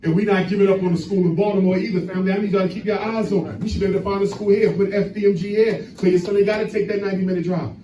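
A man's voice: sits high, fairly even intonation, rapid-fire, hardly any pauses, dark tone. A man giving a blunt, fiery public lecture to an audience. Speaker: speaker addressing an audience. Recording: echoey room, from far off.

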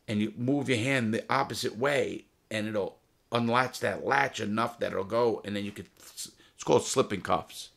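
Gravelly low-voiced blunt man. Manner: blunt, swears often, restarts mid-sentence. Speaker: storyteller of his own past. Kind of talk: casual profane storytelling to camera.

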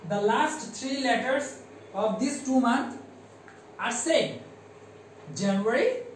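A man with a Bangladeshi accent teaching English to primary pupils, slowly spelling words letter by letter and drilling their pronunciation. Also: very high-pitched, heavy reverb, recorded from a distance, a little hiss or hum, rough recording. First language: Bengali. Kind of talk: classroom lesson.

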